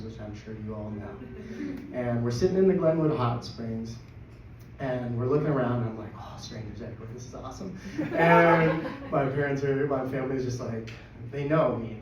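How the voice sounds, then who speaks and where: A man telling a personal story at a live storytelling event, excitable and laughing through it. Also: mid-range voice. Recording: echoey, distant, dull live recording with noise.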